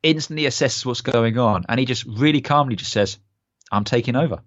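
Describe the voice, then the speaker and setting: A man's voice: mid-range voice, a little fast, a bit bright, no echo, highs cut off. A man co-hosting a casual podcast chat, retelling a TV episode with enthusiasm and lots of fillers. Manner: enthusiastic, rambling with many fillers. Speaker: podcast co-host.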